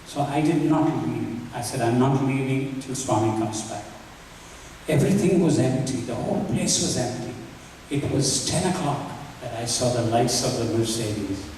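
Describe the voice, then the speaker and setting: A man's voice: mid-range voice, normal speed, darkish tone. A man giving a devotional talk, earnestly telling personal stories and acting out remembered dialogue, recorded from far off in a large hall. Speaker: devotional speaker. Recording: echoey hall from far off, faint hiss.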